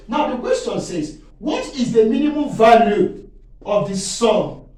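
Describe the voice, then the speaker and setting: A man with a high voice teaches calculus, stopping again and again to quiz his listeners with "what?" and to ask if they are still there. He sounds far from the mic, in a very echoey room that rings around every phrase. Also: darkish tone. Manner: quizzing listeners with leading "what?" prompts; checks in often and exclaims to himself. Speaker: maths teacher. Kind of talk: classroom-style maths lesson.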